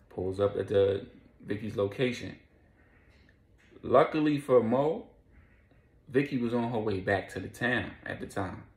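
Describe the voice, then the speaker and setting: Man, storyteller, slangy, rambling, low gravelly voice, echoey room. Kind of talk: casual storytelling.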